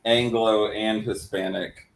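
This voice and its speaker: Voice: mid-range voice, fairly even intonation, slow pace, creaky, echoey room. A co-host in casual chat, giving short agreeing replies and small asides.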